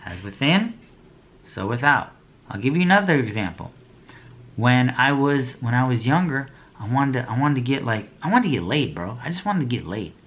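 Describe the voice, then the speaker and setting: A man's voice: medium pitch, big pitch swings, normal speed, fairly bright tone, muffled recording. A young man giving a motivational talk to small business owners, with a preachy, blunt delivery, slang, and slogans he repeats over and over. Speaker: motivational speaker.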